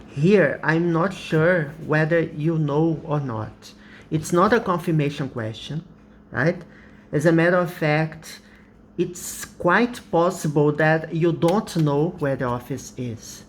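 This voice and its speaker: A man's voice: fairly high pitch, slow, slight background noise. A man whose first language is Portuguese, teaching English in a patient, explanatory way, repeating examples and laughing often. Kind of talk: slow explanatory lesson.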